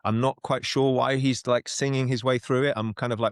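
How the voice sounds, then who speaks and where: A man's voice: mid-range voice, fairly even intonation, brisk, no room sound, clean studio sound. A man hosting a podcast, talking casually with many restarts and asides. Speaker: podcast host. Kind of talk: casual discussion.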